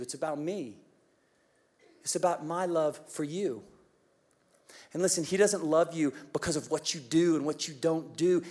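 A man preaching a Christmas sermon as pastor, telling a story with lively, animated delivery that drops to hushed tenderness. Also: on the high side.

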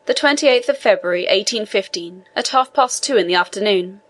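A woman's voice: medium pitch, animated, fairly quick, fairly bright tone. A woman voicing a young male sailor held in prison, earnest and imploring in a storybook reading. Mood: pleading.

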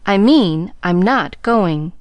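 A woman's voice: medium pitch, lively intonation, unhurried, dry recording, lightly acted. A woman reader voicing a troubled young woman who speaks hurriedly and insistently, with rustic grammar.

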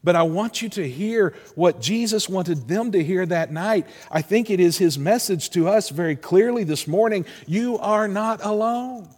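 Earnest pastor preaching in a reverberant hall. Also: male voice, high-pitched, expressive. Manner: earnest, slows and softens for emphasis. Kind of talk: sermon.

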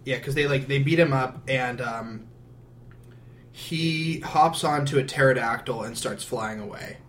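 A man's voice: mid-range voice, a little slow, a bit bright, a little hiss or hum. A man retelling a comic story in casual chat, rambling, restarting, and laughing often. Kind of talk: casual comic-book recap.

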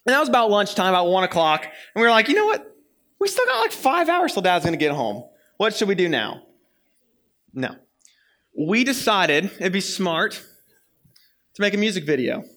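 Bright-voiced young man preaching. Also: high voice. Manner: animated storyteller, playful and quick. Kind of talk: sermon with personal story.

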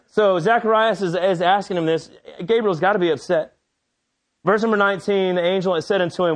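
A male preacher giving a sermon in a lively, conversational storytelling manner, acting out scenes as he goes. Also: high voice, fairly quick.

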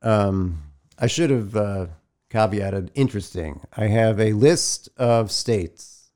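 A man's voice: fairly low pitch, a little mellow. A man co-hosting a podcast in casual chat, dry in manner, running a quiz while sounding a little sick. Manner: dry, runs a quick quiz game. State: sick, slightly choked voice. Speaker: podcast co-host.

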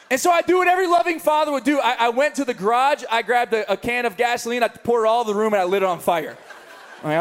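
A young man preaching a sermon, telling a story with animated comic asides. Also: very high-pitched, fast. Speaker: pastor. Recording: long reverb of a large hall.

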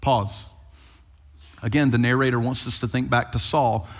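A male pastor preaching a sermon in a lively, conversational storytelling manner, addressing his congregation directly. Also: medium pitch, moderate pace. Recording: long hall reverb.

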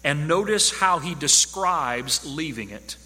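Male preacher, high and very bright tone, emphatic and repetitive delivery, hall reverb. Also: animated, slow. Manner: emphatic, repeats key phrases for stress. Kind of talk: sermon.

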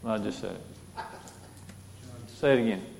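Gravelly low-voiced man teaching Bible class. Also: moderate pace, darkish tone, big-room sound, slight background noise. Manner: asks the class questions and reads scripture aloud.

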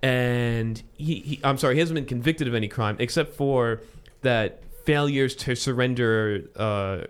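A man's voice: medium pitch, measured pace, clear, resonant tone. A man hosting a casual podcast chat, rambling with asides and restarts. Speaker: podcast host.

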